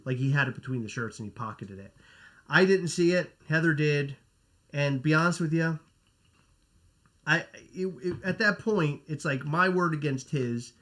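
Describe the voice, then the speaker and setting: Rambling man host, slightly high voice. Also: normal speed, a bit bright. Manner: rambling, self-correcting, swears. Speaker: podcast host. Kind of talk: casual livestream chat.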